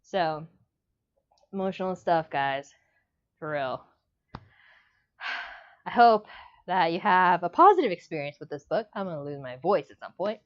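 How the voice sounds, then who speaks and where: A woman's voice: fairly low pitch, expressive, unhurried, pauses often. A woman reviewing a book in a casual vlog, gushing and rambling with emotion. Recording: dull lo-fi sound.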